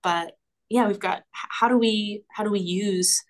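A woman's voice: medium pitch, fairly even intonation, measured pace. Enthusiastic woman podcast guest. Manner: enthusiastic, reflective, frequent fillers and laughs. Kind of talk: casual conversational interview.

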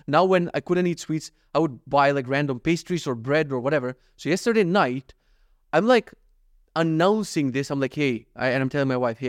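A man's voice: a little high, dry recording. A young man hosting a podcast, talking candidly and self-critically in a rambling, profane confessional monologue into a close mic. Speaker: podcast host.

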